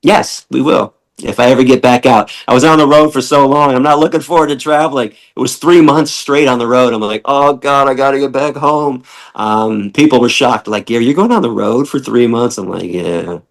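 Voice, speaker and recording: A middle-aged man talking as a podcast guest, blunt and passionate, cursing freely and acting out the people he quotes with big jumps in pitch. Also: fairly quick, vocal fry. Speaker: podcast guest, animal rights activist. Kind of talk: casual interview talk.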